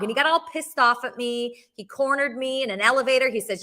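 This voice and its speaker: Brief: woman call-in host, high lively bright voice, blunt and rambling. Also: fairly quick, few pauses. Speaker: podcast host. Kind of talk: casual call-in chat.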